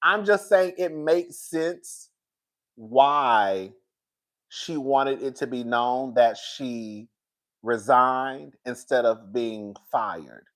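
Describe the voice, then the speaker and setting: A woman talking casually to her viewers on a live stream, reading their comments and getting loud and excited when she is worked up. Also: drawn-out words. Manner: animated, swings high and loud when worked up.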